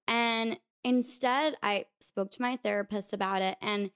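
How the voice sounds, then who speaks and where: Smooth-voiced woman sharing personal reflections. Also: medium pitch, fairly even intonation, moderate pace, hardly any pauses, a bit bright. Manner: candid, confessional, uses filler "like". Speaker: podcast host. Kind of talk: personal reflective podcast talk.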